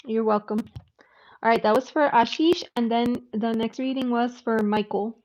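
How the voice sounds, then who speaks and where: A woman's voice: fairly high pitch, normal speed, a little mellow. A woman hosting a live tarot stream, chatting casually with viewers and laughing often. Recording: slightly dull lo-fi sound with faint noise.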